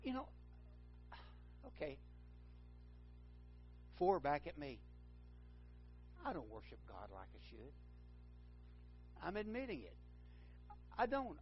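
A man's voice: fairly high pitch, wildly swooping pitch, slow pace, long pauses, highs cut off, soft background music. A man preaching a sermon, rambling and correcting himself, then building to fervent emphasis.

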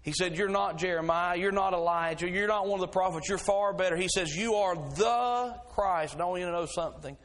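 A man's voice: high-pitched, a little fast, hardly any pauses, fairly bright tone. Folksy man preaching a sermon. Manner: folksy storytelling, swells to fervent preaching. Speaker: pastor.

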